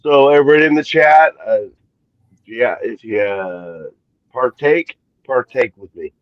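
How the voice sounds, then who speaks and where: A man's voice: mid-range voice, measured pace, no room sound, highs cut off. A man co-hosting a casual livestream, talking easygoingly and calling the others brother. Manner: easygoing, calls people brother. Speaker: livestream co-host. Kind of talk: casual chat.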